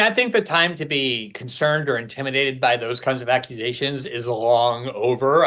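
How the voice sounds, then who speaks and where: A man appearing as a guest commentator, speaking forcefully and with scorn about politics. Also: mid-range voice.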